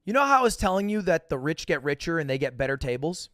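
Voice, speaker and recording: A man's voice: fairly high pitch, sing-song, quick pace, fairly bright tone, no echo, studio quality. A man telling a casual, profane, self-mocking story as a podcast host.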